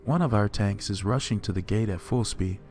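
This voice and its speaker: A man narrating a horror story in a steady, measured first-person telling. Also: on the low side.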